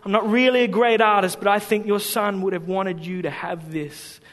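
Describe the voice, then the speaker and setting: A man's voice: high voice, steady tone, moderate pace, a bit bright. A man voicing a humble, grateful young soldier inside a sermon story. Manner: humble, modest. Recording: long hall reverb.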